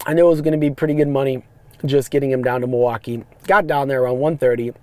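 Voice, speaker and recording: A man, hosting a podcast and telling rambling, animated stories about his rideshare driving. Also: mid-range voice, fast talker, no echo. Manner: animated, rambling, frequent restarts and fillers. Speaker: podcast host, rideshare driver. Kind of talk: casual storytelling monologue. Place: parked car.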